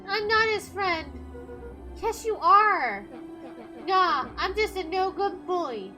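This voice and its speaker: Bitter teenage boy bully, flat, self-loathing, high voice, woman reading, music. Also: slow pace, heavily acted. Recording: music playing underneath.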